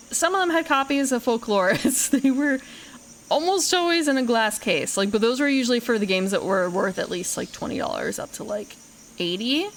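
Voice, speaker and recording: A woman's voice: mid-range voice, a little hiss or hum, low-quality recording. A young woman streamer chatting casually through a first-time game playthrough, rambling and correcting herself as she talks. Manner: rambling and self-correcting, with frequent laughs and swearing.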